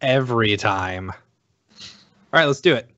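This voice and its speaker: An easygoing man trading jokes as co-host of a live podcast. His voice is mid-pitched, and the audio is dry and dull, like an online call. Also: lively intonation, unhurried, sharp tone, no echo. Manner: joking, easygoing banter. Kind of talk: casual live podcast chat.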